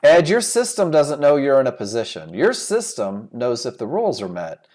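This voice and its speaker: Over a computer microphone, a man teaches a live trading webinar, firing off rhetorical questions and repeating key points for emphasis. His voice sits at medium pitch but swoops wildly up and down, with a moderate pace and a slightly mellow quality.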